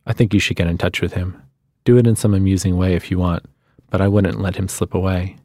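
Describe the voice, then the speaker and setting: A man reading the part of Howard, a gently insistent adult man who quietly coaxes his friend. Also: low voice, fairly even intonation, fast, dry recording, clean studio sound.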